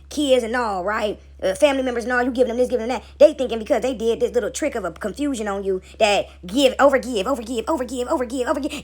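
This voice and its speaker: A woman preaching casually on a home video, animated and slangy, swearing freely and often laughing. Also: on the high side. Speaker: spiritual video creator and mother. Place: home, seated with dogs nearby.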